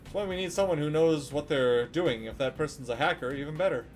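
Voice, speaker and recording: A man voicing an earnest young male teammate in a video game, calmly persuading a friend to stay. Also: a little high, fairly quick, faint music behind, close to an everyday voice.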